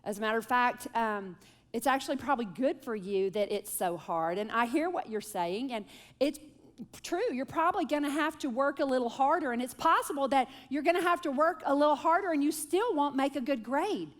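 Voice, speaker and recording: A woman voicing a calm father who speaks to his daughter in a patient, firm, soft-spoken way. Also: high-pitched, normal speed, voice pushed up. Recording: long hall reverb.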